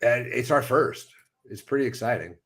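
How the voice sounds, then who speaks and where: A man's voice: medium pitch, lively intonation, moderate pace, fairly bright tone, husky. A man co-hosting a casual late-night stream, joking dryly and reading a passage aloud in a grave tone. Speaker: podcast co-host and chat mod.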